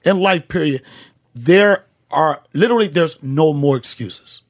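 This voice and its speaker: A man's voice: on the high side, expressive, a little slow, no room sound, clean studio sound. A middle-aged male comedian, telling emphatic, profane stories as a podcast guest. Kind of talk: casual podcast chat.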